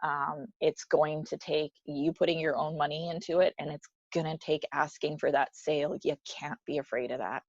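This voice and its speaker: A middle-aged woman being interviewed in a casual chat, frank and quick to answer, often laughing. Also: sits low, steady tone, dry recording, dull audio. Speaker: interview guest, business leader.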